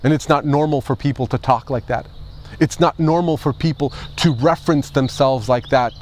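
A man's voice: medium pitch, normal speed, a little mellow, a little hiss or hum. A male pastor delivering an Easter sermon, emphatic, with rhetorical questions and repeated phrases.

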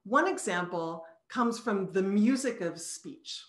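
A woman's voice: mid-range voice, expressive, slow, echoey room. A woman, a psychology professor, giving a talk over a video call and explaining ideas patiently, sounding out syllables as examples. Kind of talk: recorded online lecture.

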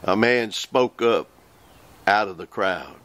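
A man in his sixties preaching a folksy sermon, slowing down to read scripture aloud. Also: lowish voice, a bit bright. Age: 60s.

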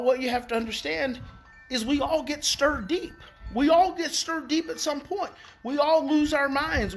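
A man and parenting educator in a casual daily talk to viewers. He is emphatic, repeats key phrases and swings in pitch. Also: a bit bright. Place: outdoors in the evening.

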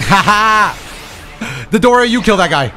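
A young man streaming a video game, talking to himself in excitable, profane commentary. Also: high-pitched, slow, faint music behind. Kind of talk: casual gameplay commentary.

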